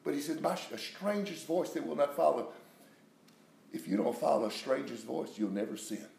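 A man preaching a sermon, swinging from loud calls down to near whispers. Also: a little high, lively intonation, normal speed, gravelly. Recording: echoey room with faint noise.

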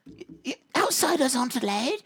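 A man's voice: sing-song, fairly bright tone, breathy edge, full character voice. A man voicing a suspicious old village woman of about eighty who warns strangers away, as part of a tabletop role-play. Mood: hostile. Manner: shrill, halting warnings.

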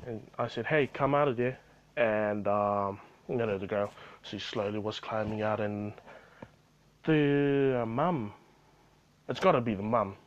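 A man's voice: fairly low pitch, fairly even intonation, measured pace, dull audio. A man telling a rambling story about his retail job in a casual vlog, full of fillers and swearing.

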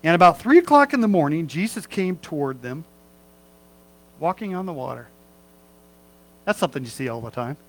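Pastor, man, middle-aged, folksy conversational sermon, slightly raised pitch, light mains hum on the recording. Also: lively intonation, normal speed, long pauses, poor audio. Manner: folksy, conversational preaching with asides and humor.

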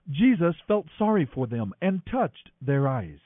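A man reading scripture aloud in an expressive, animated way. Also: a little high, measured pace, few pauses, dry recording. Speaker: scripture reader. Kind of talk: scripted narration. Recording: dry, thin phone-like audio.

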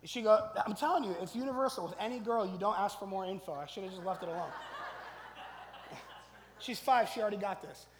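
A man preaching a sermon as pastor, chatty, with frequent "right?" tags and loud emphatic stretches. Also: high voice, a little fast, noisy background. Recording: echoey hall, long reverb.

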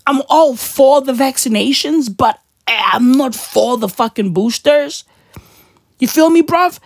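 A woman's voice: sits high, takes it slowly, no echo, clean studio sound. A woman ranting in a profane, mocking and indignant monologue, constantly asking her listeners "right?". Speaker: commentator.

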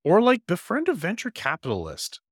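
A man's voice: sits high, huge pitch swings, a little fast, dry recording, studio quality. A man co-hosting a casual podcast, teasing his friend with playful mock outrage. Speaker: podcast co-host, sports writer. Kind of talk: casual chat.

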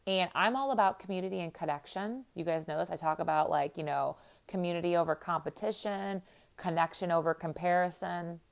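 Chatty, upbeat Midwestern woman, lowish voice. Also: a little fast, creaky. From American Midwest. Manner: chatty and upbeat, lots of fillers like "like" and "you know". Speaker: podcast host and life coach. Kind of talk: casual monologue to listeners.

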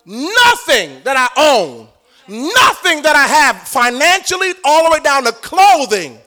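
A man's voice: very high-pitched, huge pitch swings, measured pace, pushed and bright. A middle-aged man preaching a live sermon in church, joking with and coaxing the congregation.

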